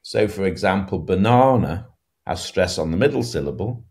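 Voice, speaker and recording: A man with a very low voice answers interview questions as an expert. He explains things carefully and sometimes repeats a word as he works out his sentence. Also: lively intonation, a little fast, darkish tone. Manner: thoughtful, explanatory, with restarts. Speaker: guest expert.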